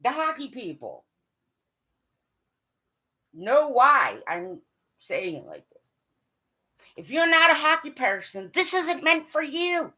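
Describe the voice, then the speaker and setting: High, bright-voiced woman ranting. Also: sing-song, slow, pauses often. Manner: blunt, profane, scolding. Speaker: hockey fan vlogger. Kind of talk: ranting monologue to camera.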